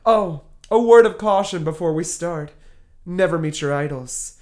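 A man's voice: fairly high pitch, measured pace, a little mellow. A man, a podcast host, acting in a comedy sketch with a melodramatic, self-mocking delivery.

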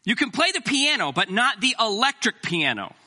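A middle-aged man preaching a sermon as pastor, animated and joking with the congregation. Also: sits high, normal speed.

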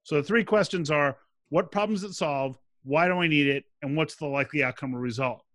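A man's voice: a little high, brisk, no room sound. A man answering interview questions as a sales expert, explaining methods and acting out quoted dialogue. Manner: animated, acts out quoted dialogue.

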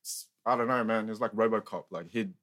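A man's voice: fairly low pitch, fast talker, a bit bright. A young Australian man chatting casually, rambling with lots of filler words and swearing freely. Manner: rambling, profane, heavy use of filler words. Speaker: guest sharing life story. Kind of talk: casual chat.

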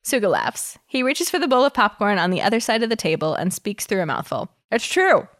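A woman's voice: mid-range voice, brisk, dry recording, clean studio sound. Giggly woman reading aloud animatedly. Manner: giggly, reads dialogue with lively voicing. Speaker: podcast co-host reading fan fiction aloud. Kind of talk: casual chat and dramatic reading.

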